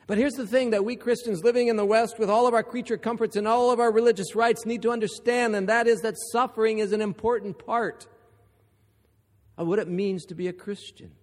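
A man from Ohio preaching a sermon, emphatic and building to forceful repeated lines. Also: high-pitched, steady tone, fairly quick, in a large hall.

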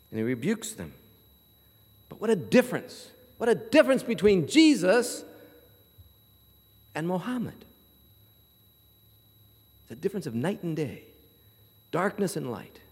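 Male pastor, very high voice, animated storyteller, live sermon in an echoing hall. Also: measured pace, long pauses, slightly rough. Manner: animated storytelling, acts out voices in his anecdotes.

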